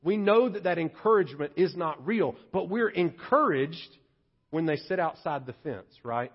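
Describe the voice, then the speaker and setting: A man's voice: fairly high pitch, animated, normal speed, husky, muffled recording. A male pastor preaching a sermon in a conversational, playful way, often acting out quotes in comic voices.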